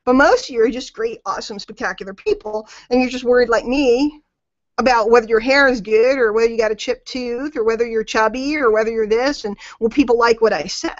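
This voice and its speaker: A woman with a slightly high voice coaches her sales team on a call, leaning hard on repeated phrases. Her talk is emphatic and motivational. The audio is dull and lo-fi, and the sound is very dry. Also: a little fast, no echo. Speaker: network marketing coach.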